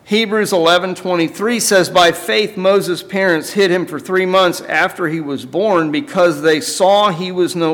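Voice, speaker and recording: A man preaching a sermon, reading a story aloud in a measured way with emphatic asides. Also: on the high side, a bit bright, long reverb tail.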